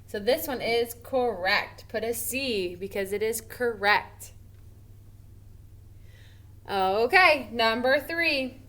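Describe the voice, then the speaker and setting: A woman teacher giving a recorded grammar lesson to first graders, slow and encouraging, drawing out her example sentences expressively. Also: fairly high pitch, lively intonation, a bit bright. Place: home or classroom at a smartboard.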